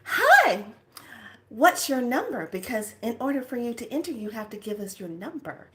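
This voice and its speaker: A woman's voice: fairly high pitch, very animated, moderate pace, a bit bright, voice pushed up. A woman voicing a polite but strict female doorkeeper in a dream, sing-song and official while she retells the scene. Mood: chirpy, officious. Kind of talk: storytelling with quoted voices.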